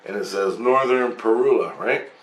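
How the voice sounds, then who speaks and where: A man's voice: mid-range voice, normal speed, noisy background. A man telling a story in a rambling, repetitive way, with swearing. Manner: rambling, repeats himself, swears. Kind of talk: casual storytelling to camera. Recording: roomy, distant from the mic.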